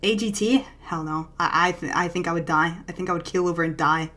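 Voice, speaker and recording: A woman streamer chatting casually with her live chat, bubbly and self-deprecating, talking in quick bursts with giggles. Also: fairly low pitch, steady tone, fairly bright tone.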